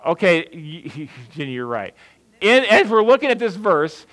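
This poorly recorded sermon comes from a middle-aged pastor who talks conversationally, raising questions and answering them on his own. His voice is on the high side and a bit bright, with big pitch swings at a moderate pace.

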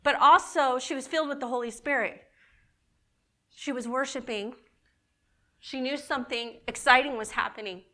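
A middle-aged woman giving an animated, emotional sermon to a group, repeating key words for emphasis. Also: sits high, moderate pace, pauses often. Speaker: women's ministry speaker.

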